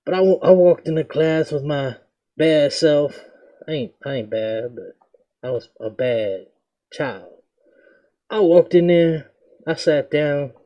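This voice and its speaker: A man's voice: takes it slowly, pauses often, muffled recording. Slangy young man telling a story. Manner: animated, slangy, acts out quotes in a higher voice. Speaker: reaction video host. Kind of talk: casual storytelling.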